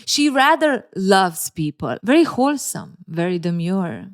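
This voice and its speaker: A woman hosting casual relationship commentary, speaking at a medium pitch. She teases and jokes sarcastically and laughs often. Her delivery is animated and full of playful asides. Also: measured pace.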